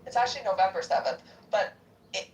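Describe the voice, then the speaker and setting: A woman chats casually with friends, blunt and crude, her voice lively. She sits some way back from the mic. The room around her sounds echoey with faint noise. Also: medium pitch, a little fast. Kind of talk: casual group chat. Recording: roomy, distant mic.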